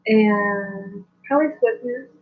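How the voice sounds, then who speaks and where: A woman's voice: medium pitch, takes it slowly, vocal fry. A woman playing a tabletop game, talking in a blunt, offhand way. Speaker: player. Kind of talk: casual tabletop game play. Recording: tinny phone-like line.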